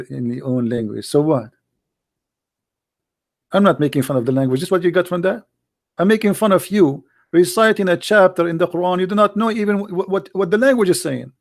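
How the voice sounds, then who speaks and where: Slightly high and darkish in tone, this man's voice carries sarcastic, mocking commentary on a religious debate. He hosts a livestream, takes calls, and fires off rhetorical questions in non-native English.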